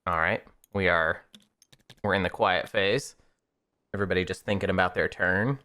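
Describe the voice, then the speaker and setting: Upbeat, bright-voiced male caster. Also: low voice, fairly even intonation. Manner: upbeat, chatty, fast bursts. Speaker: stream caster. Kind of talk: casual board game commentary.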